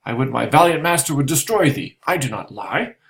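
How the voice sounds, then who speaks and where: A man's voice: medium pitch, very animated, a little fast, creaky, a bit bright, voice pushed up, poor audio. A man reading the lines of Caliban, a resentful, servile island monster, in a pleading tone.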